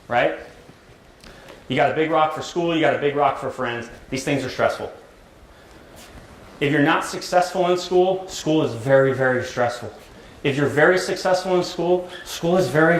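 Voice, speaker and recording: A middle-aged American man, a therapist, giving a conversational, jokey talk to high school students and often asking "right?". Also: slight background noise. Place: large echoey school hall. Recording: roomy hall with faint ambience.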